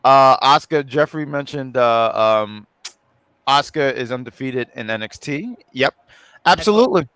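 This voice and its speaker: A man's voice: mid-range voice, expressive, moderate pace, fairly bright tone, smooth, no echo. A man co-hosting a casual online chat, rambling with many fillers and restarts. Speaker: co-host.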